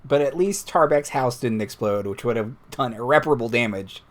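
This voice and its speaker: A man narrating as dungeon master, explaining the game world in a measured way with hesitant fillers. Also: mid-range voice, a little hiss or hum.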